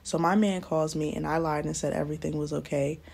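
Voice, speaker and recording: A young woman vlogger telling a dramatic storytime in a lively, slangy way. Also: low voice, fairly quick, gravelly, slightly rough. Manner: animated, slangy, dramatic retelling. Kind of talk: storytime narration while doing nails.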